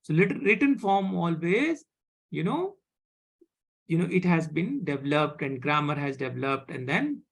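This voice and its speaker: Teaching a live online French class, this instructor with an Indian accent speaks slowly, repeating words and frequently checking in with "right?". The voice is mid-range and very animated, with noticeable vocal fry.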